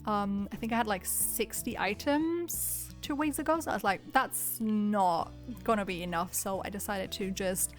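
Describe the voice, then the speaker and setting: A young woman in her twenties recording a casual chatty voiceover from home, her voice weak and cracking, speaking in a subdued, rather monotonous way and laughing often. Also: medium pitch, moderate pace, few pauses, soft background music. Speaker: video creator.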